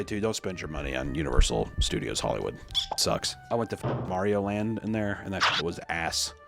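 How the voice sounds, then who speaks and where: A man reading a list aloud and riffing on it with casual, joking commentary, swearing and breaking into silly voices. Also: fairly low pitch. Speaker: YouTube commentator.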